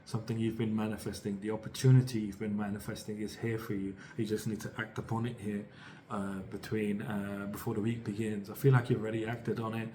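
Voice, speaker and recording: A man's voice: lowish voice, flat delivery, fairly quick, dark tone, a little hiss or hum. A British man giving a casual, rambling tarot reading, upbeat and full of fillers and restarts. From United Kingdom. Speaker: tarot reader.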